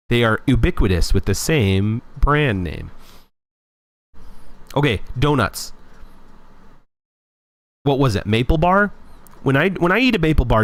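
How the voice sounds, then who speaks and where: A young man hosting a casual live stream, talking in an animated, opinionated way and rambling with frequent restarts. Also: medium pitch.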